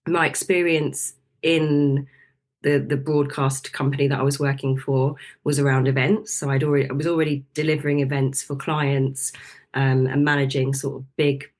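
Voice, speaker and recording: A woman's voice: extremely low pitch, flat delivery, moderate pace, a little mellow. A middle-aged woman, a nutritional therapist, talks through her path as a podcast guest in a reflective, practical way, with many fillers and restarts. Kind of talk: podcast interview.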